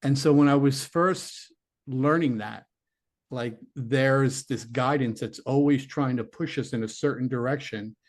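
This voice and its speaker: A middle-aged former police detective, now a psychic medium, is an interview guest telling a long personal story in a conversational style. He's earnest and rambling, acting out his own inner voice, and his mid-range voice moves a little slow.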